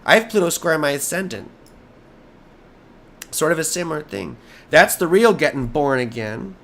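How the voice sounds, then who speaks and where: A hoarse American man doing a live astrology chart reading, rambling and easily sidetracked, with jokey asides. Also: a little high, very animated, normal speed, fairly bright tone.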